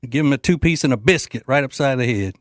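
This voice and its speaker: A man's voice: medium pitch, expressive, fast talker, no room sound. A man hosting a political talk show, delivering a brash, joking, rambling monologue with frequent fillers into a studio microphone. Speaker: host.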